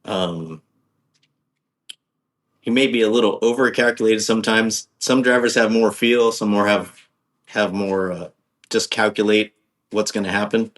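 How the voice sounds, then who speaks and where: A man's voice: lowish voice, steady tone, unhurried, pauses often, a bit bright. A man guesting on a podcast, talking casually in a rambling, hesitant way with many ums and restarts. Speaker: podcast guest, off-road driver.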